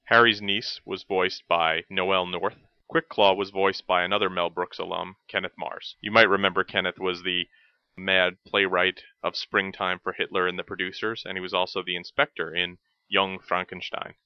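A man's voice: deep voice, flat delivery, moderate pace, clean tone, no room sound, lo-fi sound. A man narrating a scripted retro cartoon review as host, with dry joking asides.

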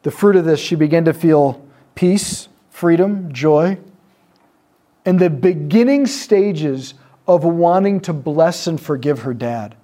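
A fairly high-pitched, mellow male voice with lively intonation teaches on prayer ministry in a sermon-style talk before a live group. He tells a story, voicing the people in it and pausing to let moments land.

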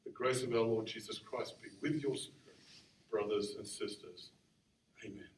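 Animated preacher in an echoing church. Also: male voice, on the low side, normal speed. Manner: animated, conversational, acts out quotes. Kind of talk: sermon. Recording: roomy sound from far off the mic.

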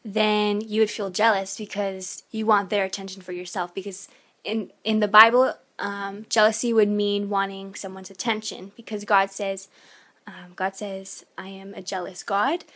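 A woman's voice: medium pitch, flat delivery, moderate pace, a bit bright. A woman co-hosting a faith podcast, carefully explaining scripture terms with dictionary definitions and everyday examples. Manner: careful, reads dictionary definitions aloud, uses fillers. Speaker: podcast co-host. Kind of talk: explaining Bible verses on a podcast.

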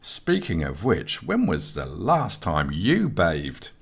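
A prim, fussy young man, played by a male narrator, speaks in a low, deep voice, slow and measured. He sounds worn thin and exasperated, lecturing with a patience that barely holds in this storybook reading. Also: wildly swooping pitch, creaky, breathy edge, heavily acted.

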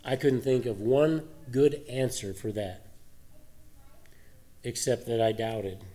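A man's voice: mid-range voice, slow pace, warm tone. A male pastor giving a sermon in a conversational way, asking many rhetorical questions.

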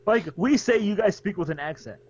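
Brief: American male co-host, lively swooping delivery, slightly dull lo-fi sound. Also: high voice, fairly quick, faint music behind. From United States. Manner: animated, teasing, swears freely. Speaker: podcast co-host. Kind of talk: casual chat.

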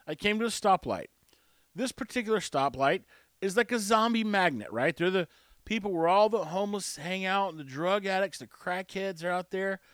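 High-voiced man telling a rambling story. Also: lively intonation, moderate pace, a bit bright, smooth, dry recording, studio quality. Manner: rambling, wry and self-mocking. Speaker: show host. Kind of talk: casual storytelling monologue.

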